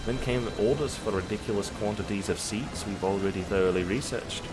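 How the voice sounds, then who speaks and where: A man's voice: brisk, noisy background, lightly acted. A man reading game dialogue aloud as an overworked male farm laborer, trying for an Irish or Scottish lilt. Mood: cheery. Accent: attempted Irish or Scottish lilt. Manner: louder, higher and brighter than his own voice.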